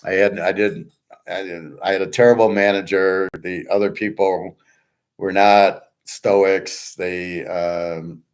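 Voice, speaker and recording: Middle-aged male host, lower voice, opinionated and blunt, rambling casual rant. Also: fairly even intonation, takes it slowly, clear, resonant tone. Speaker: sports picks and finance show host. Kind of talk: casual monologue.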